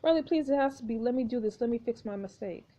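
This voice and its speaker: A woman's voice: fairly high pitch, fast, mellow, close to an everyday voice. A woman voicing a desperate, remorseful teenage boy in a story game, pleading and tearful. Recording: dull lo-fi recording.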